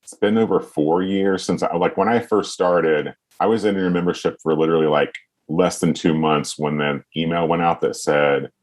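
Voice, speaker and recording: A man with an American accent, chatting as a guest on a podcast in a relaxed, modest way. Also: extremely low pitch, moderate pace. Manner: relaxed, modest, laughs easily. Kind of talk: casual interview conversation.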